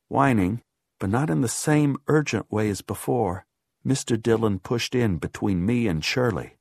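Low-voiced man narrating horror. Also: lively intonation, unhurried, vocal fry, darkish tone, breathy edge, dry recording, clean studio sound. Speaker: audiobook narrator. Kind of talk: first-person horror audiobook narration.

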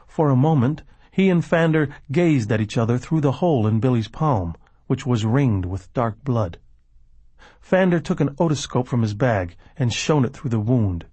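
Husky male audiobook narrator. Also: mid-range voice, expressive, normal speed, warm tone, dry recording. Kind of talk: scripted narration.

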